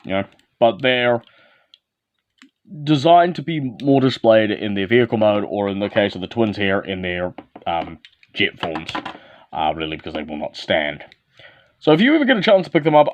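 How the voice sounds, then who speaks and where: In a dry, dull lo-fi recording with no room sound, a man with a lowish voice talks at normal speed, his pitch swinging widely. He's reviewing a toy casually and hands-on, transforming the figure while giving short step-by-step instructions.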